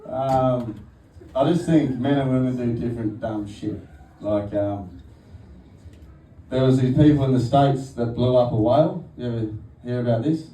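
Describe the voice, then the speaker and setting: Crude stand-up comic, roomy venue. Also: male voice, mid-range voice, moderate pace, warm tone. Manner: casual, crude, laughs through his own jokes. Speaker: stand-up comedian. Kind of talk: stand-up comedy set. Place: comedy venue, live audience. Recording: roomy venue audio from far off, noisy.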